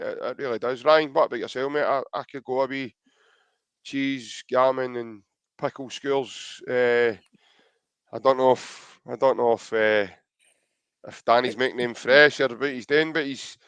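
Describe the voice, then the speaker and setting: This young Scottish man co-hosts a live podcast in a smooth, fairly bright mid-range voice, recorded with no echo. He keeps things jokey and chatty, reading viewer comments aloud as the conversation rolls along.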